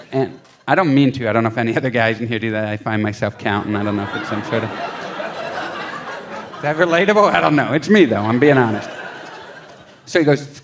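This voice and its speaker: A stand-up comedian telling a story on stage, acting out his own quotes with lively shifts in voice. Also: mid-range voice, slight background noise. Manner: animated storytelling with acted-out quotes. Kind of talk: stand-up routine. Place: comedy club stage with a laughing audience.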